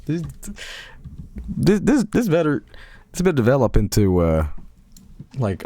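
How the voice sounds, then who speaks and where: Lively, swearing male streamer. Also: on the low side, takes it slowly, long pauses. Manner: animated, swears often, stumbling restarts, frequent laughter. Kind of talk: casual late-night chat.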